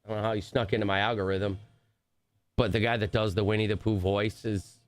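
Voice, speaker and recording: A man co-hosting a morning radio show, joking in casual banter with an animated, jumpy delivery. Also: fairly low pitch, a little fast. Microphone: studio microphone.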